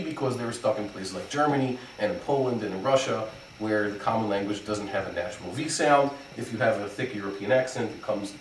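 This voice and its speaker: Rabbi teaching in an echoey room. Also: male voice, mid-range voice, darkish tone, distant mic. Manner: methodical, spells out examples with frequent fillers. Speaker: rabbi teaching Hebrew pronunciation. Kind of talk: explanatory lesson. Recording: echoey room, voice from off the mic, faint background noise.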